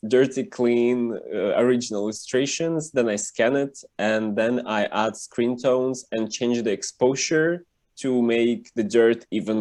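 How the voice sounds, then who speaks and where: A man who is a cartoonist, guest in a casual interview over a video call, talking with lots of fillers and lively emphasis. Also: mid-range voice.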